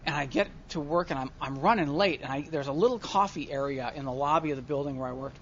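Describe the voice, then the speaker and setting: A man speaking at a recovery meeting, telling a self-mocking story to an audience and swinging from quiet asides to loud comic rants. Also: fairly high pitch, fast talker, a little hiss or hum. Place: large convention hall with audience. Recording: dull lo-fi live hall recording, faint crowd.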